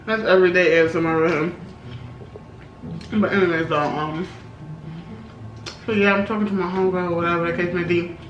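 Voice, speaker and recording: A woman's voice: lowish voice, fairly even intonation, fairly quick, long pauses, highs cut off. Ny girl telling a wild story, laughing lots, slangy, sounds far from the mic. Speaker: vlogger, co-host. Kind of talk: storytime chat while eating. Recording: roomy, off-mic, faint background hum.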